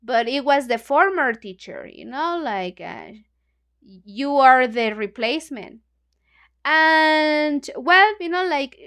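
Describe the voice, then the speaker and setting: A woman teacher with a Mexican Spanish accent reading a children's book aloud in an English class, pausing to explain and gloss lines in Spanish. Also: sits high, vocal fry, fairly bright tone. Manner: chatty, hesitant, many fillers, glosses lines in Spanish.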